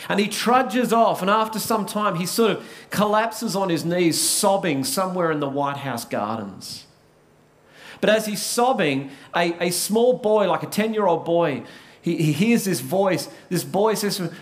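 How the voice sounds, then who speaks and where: A man's voice: high voice, animated, normal speed. A man with an Australian accent preaching a sermon, telling a story earnestly and sometimes restarting his words. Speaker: pastor.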